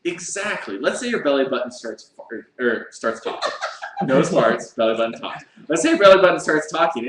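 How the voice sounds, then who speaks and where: A man's voice: mid-range voice, a bit bright, slight background noise. A man co-hosting a casual live chat show, spinning crude, rambling what-if stories and laughing along. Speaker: co-host. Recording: echoey room.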